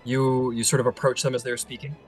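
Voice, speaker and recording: A man running a tabletop game as game master, talking casually with many pauses and fillers. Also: mid-range voice, flat delivery, faint music behind.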